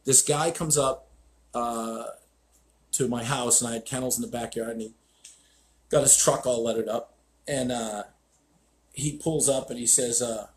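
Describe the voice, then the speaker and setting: A man's voice: medium pitch, fairly even intonation, measured pace, long pauses, slight background noise. A man hosting a live stream as a dog trainer, telling stories in a blunt, profane, ranting way.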